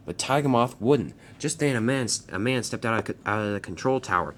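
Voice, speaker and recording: A man's voice: mid-range voice, expressive, fairly quick, hardly any pauses, a bit bright. A man narrating a fan-made story in a plain storytelling way, with restarts.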